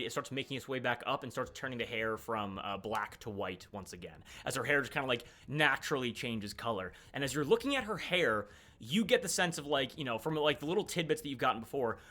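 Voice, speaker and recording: Bright-voiced male game master. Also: medium pitch, lively intonation. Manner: halting, full of fillers. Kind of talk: narrating a tabletop game.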